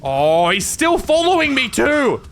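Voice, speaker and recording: A man's voice: extremely high pitch, huge pitch swings, unhurried, gravelly, a bit bright, a little hiss or hum. A man commenting on his gameplay in a jokey, rambling way, easily startled and prone to yelps. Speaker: gaming video creator.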